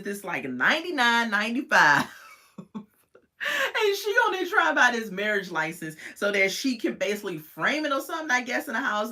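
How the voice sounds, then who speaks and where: Woman, casual recap chat, animated swoopy delivery, bright tone, frequent laughs. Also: fairly low pitch. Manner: animated, slangy, laughs often. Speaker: TV show reviewer.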